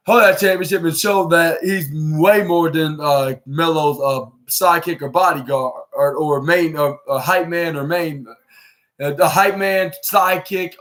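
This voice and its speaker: A man's voice: a little high, fairly bright tone. A man hosting a podcast, recapping a wrestling show in a casual, rambling way, full of fillers and restarts. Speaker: podcast host.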